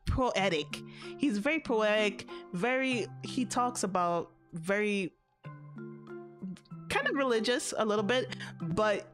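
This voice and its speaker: A woman streamer rambles through a story in relaxed, blunt chat, swearing casually and laughing as she goes. Her voice sits a little low for a woman. Faint background music plays under her talk. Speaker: VTuber streamer.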